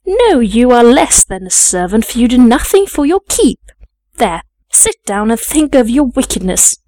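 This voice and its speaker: A woman's voice: on the high side, normal speed, mellow, dry recording, natural voice. A woman voicing a harsh, self-righteous lady's maid who speaks sharply and contemptuously.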